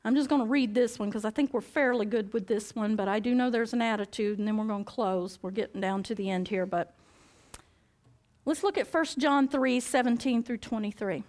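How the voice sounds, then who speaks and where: A woman with a high voice preaches to her congregation and tells a personal story. She acts out the dialogue with animated swings and laughs often as she goes. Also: a little fast.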